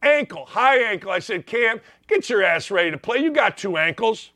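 A man hosting a sports radio show, ranting loudly and mockingly about players. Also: high-pitched, animated, moderate pace, hardly any pauses, dry recording. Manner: loud, mocking, does whiny voices of players. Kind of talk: opinionated sports rant.

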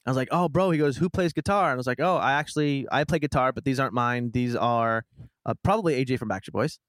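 A man in his twenties hosting a podcast, telling a long story in casual chat, rambling and animated with frequent restarts. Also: medium pitch, quick pace, no echo. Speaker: podcast host.

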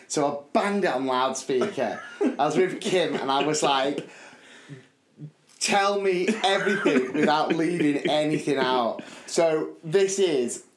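Man telling a story with animated quoted voices. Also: on the high side, a little slow, roomy sound, slight background noise. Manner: animated, quotes friends in put-on voices, laughs often. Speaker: podcast co-host. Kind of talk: casual storytelling chat.

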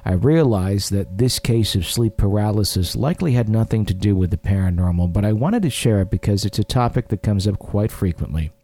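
A man with a fairly low voice hosts a podcast. He reads listener stories aloud and trades jokes and teasing with his co-host. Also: fairly quick, few pauses, dark tone. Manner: jokey, teasing. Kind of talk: reading listener stories and casual banter.

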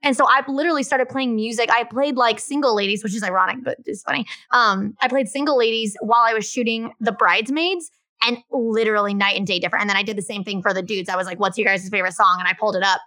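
Casting: upbeat woman co-host, bright higher voice, dry close sound, lively chat. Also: fast talker, dry recording. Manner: animated, acts out quotes with exaggerated enthusiasm. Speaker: podcast co-host. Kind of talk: casual chat.

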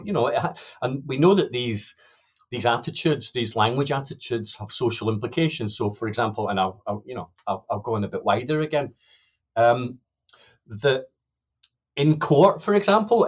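A man's voice: medium pitch, slightly rough. A middle-aged male academic explaining his research in a podcast interview, thoughtful and full of restarts. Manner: thoughtful, many restarts and "you know". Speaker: sociolinguistics academic guest. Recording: dull lo-fi sound.

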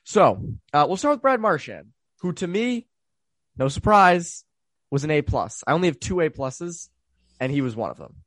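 A man's voice: on the high side, big pitch swings, normal speed, fairly bright tone, no room sound. A young man co-hosting a sports podcast, talking loosely with plenty of fillers and restarts. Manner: loose and rambling, many fillers. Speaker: podcast co-host. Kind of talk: casual sports chat.

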